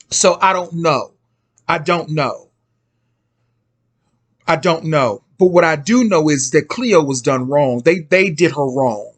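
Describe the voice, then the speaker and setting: A middle-aged man hosting a casual, rambling commentary monologue, full of slangy asides. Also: fairly high pitch. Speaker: host.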